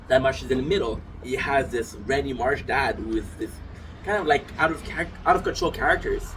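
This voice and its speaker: A man's voice: medium pitch, a little fast, fairly bright tone. A man talking casually about a figure from his collection, rambling, restarting sentences and swearing freely. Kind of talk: casual rambling talk to camera. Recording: distant mic with noisy room ambience.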